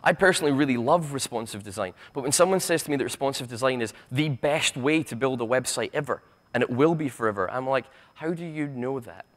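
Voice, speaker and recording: A man with a Glaswegian accent giving a conference keynote. He is impassioned and sarcastic, swears freely, and stumbles into quick restarts. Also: mid-range voice, fairly bright tone. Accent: Scottish, Glaswegian. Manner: impassioned, stammering restarts, rapid asides. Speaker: keynote speaker. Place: university conference hall.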